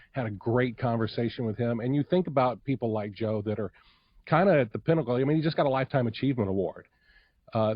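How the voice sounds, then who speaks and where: A man's voice: medium pitch, no room sound, dull audio. Earnest man with a dry sound. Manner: earnest, with many "uh" fillers. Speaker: podcast host, guest. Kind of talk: casual interview chat.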